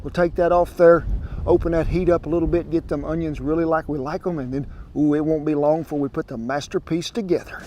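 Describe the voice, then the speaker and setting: A man's voice: fairly high pitch, fairly even intonation, fast talker, darkish tone, a little hiss or hum. Folksy man cooking outdoors. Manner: folksy, drawling, chatty. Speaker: cooking show host. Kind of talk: casual cooking demonstration. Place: outdoors by a smoker grill.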